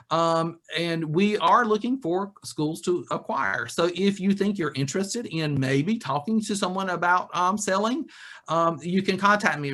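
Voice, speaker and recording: A man speaking over a video call, giving an animated, joking leadership talk. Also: fairly high pitch, normal speed. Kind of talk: lively webinar talk.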